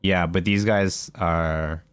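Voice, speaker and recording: A man's voice: sits low, steady tone, slow, clean tone, dry recording, studio quality. A man co-hosting a podcast, chatting casually about video games, full of fillers and restarts. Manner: hesitant, many fillers and restarts. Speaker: podcast co-host.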